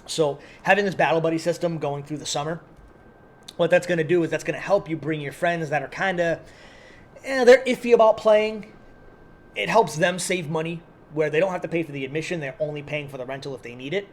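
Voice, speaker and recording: Man casually pitching shop deals. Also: fast talker, slight background noise. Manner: relaxed, promotional, teasing. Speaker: podcast co-host at an airsoft field. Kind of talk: casual podcast chat.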